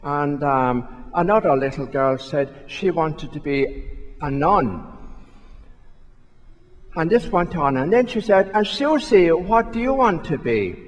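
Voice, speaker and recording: A man's voice: on the high side, sing-song, slow pace. A man, a priest, giving a sermon in a large church, talking in a conversational, self-questioning way and repeating himself as he tells a story. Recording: long reverb of a church hall.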